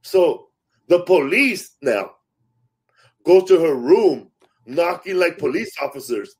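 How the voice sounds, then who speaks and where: Speaking slowly with long pauses, a male stand-up comic tells stories in a somewhat high, breathy voice. He chats casually, performs the lines he quotes and doesn't hold back on swearing.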